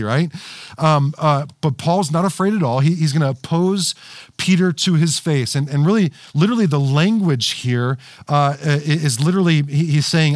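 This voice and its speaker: In a studio surrounded by cameras and screens, a pastor delivers a sermon to livestream viewers. His voice is a little high, his pace normal, and the recording dry; his delivery is casual, full of fillers, restarts, and repeated "right?" asides.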